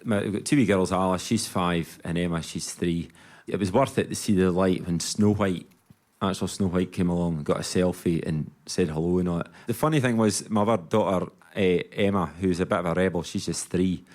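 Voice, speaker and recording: A man's voice: low voice, steady tone, a little fast, darkish tone. A Scottish man on a comedy panel telling a rambling family anecdote.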